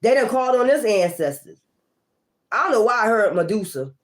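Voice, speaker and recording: A woman giving a casual tarot reading, blunt, profane and confrontational, moving between loud outbursts and low muttering. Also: sing-song, brisk. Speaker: tarot reader.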